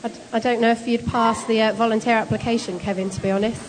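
A woman leading a group through a timed bed-making task, brisk, encouraging and teasing as she hands out jobs. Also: a little high, fairly even intonation, in a large hall. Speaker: shelter volunteer leader running a bed-making activity. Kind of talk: casual instructions to a group.

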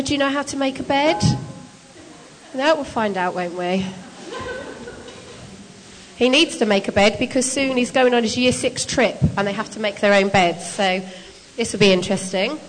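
A woman leading a group through a timed bed-making task, brisk, encouraging and teasing as she hands out jobs. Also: medium pitch, in a large hall, slight background noise. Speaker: shelter volunteer leader running a bed-making activity. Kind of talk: casual instructions to a group.

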